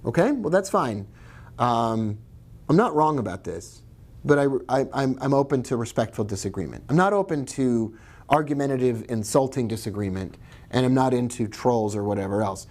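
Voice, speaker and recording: A man's voice: medium pitch, animated, normal speed, a little mellow. A man teaching about trading in a casual video lesson, chatty and digressive, with jokes and asides. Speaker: trading educator.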